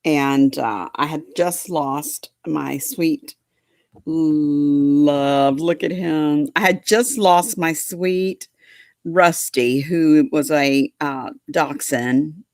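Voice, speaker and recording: A slow, unhurried woman chats to viewers from home, folksy and doting, with a lowish voice. Her talk drifts into baby talk with her dog, and the sound is close and dry. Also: darkish tone, no echo. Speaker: livestream host chatting with viewers. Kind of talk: casual chat to a live audience.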